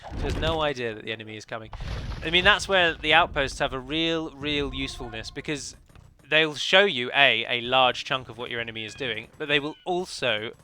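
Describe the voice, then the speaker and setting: Speaking fairly quickly with hardly any pauses, a man commentates on a multiplayer strategy match he's playing. His medium-pitched voice comes across pushed and bright, and as a let's play commentator he's chatty and analytical, regularly correcting himself mid-sentence.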